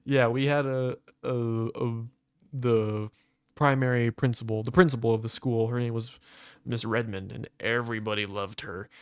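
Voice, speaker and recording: This young podcast co-host has a medium-pitched, steady voice at a normal speed, with a clean, echo-free, studio-quality sound. In casual conversation he spins stories in a wandering way, filling them with verbal fillers.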